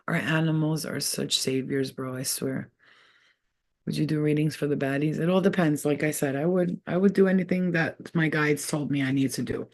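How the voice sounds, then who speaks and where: A middle-aged woman chats through a spiritual card reading. She is animated and full of slang, and she laughs often as she talks. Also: low voice, moderate pace. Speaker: tarot reader. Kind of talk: casual spiritual reading chat.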